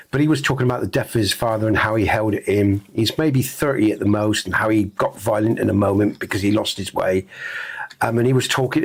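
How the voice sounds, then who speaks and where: A middle-aged man hosting a game stream, talking earnestly in a rambling, reflective way with lots of fillers and restarts. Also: on the low side. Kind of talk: reflective casual chat on stream.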